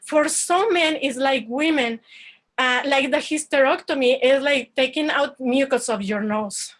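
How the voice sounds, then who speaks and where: A woman. Her voice sits high, and she talks earnestly, stopping and restarting as she goes. She is heard over an online call. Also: a little slow, a bit bright, rough recording. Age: 40s. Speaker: storyteller. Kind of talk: personal storytelling performance. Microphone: online video call.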